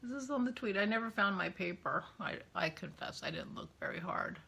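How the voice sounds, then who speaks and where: A woman's voice: medium pitch, expressive, fairly quick, creaky, pushed and bright, breathy edge. A woman hosting a knitting vlog in a chatty, rambling way, often dropping to a whisper as she shows yarn. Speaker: knitting podcast host. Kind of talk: casual vlog chat while unboxing yarn.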